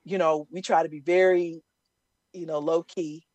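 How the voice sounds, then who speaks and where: Middle-aged woman chatting, lively storyteller doing voices, dry close sound. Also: low voice, moderate pace, no room sound, dull audio. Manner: animated storytelling, acts out voices. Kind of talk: casual chat.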